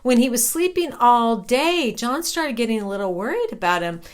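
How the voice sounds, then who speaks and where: A woman's voice: a little high, lively intonation, normal speed. A woman telling a personal ghost story in a chatty, conversational way, often checking in with "right?".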